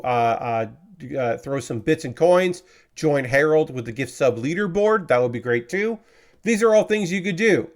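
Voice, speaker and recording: A man live-streaming while he builds model kits, talking casually and rambling, with lots of fillers and some swearing. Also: fairly high pitch. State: frustrated.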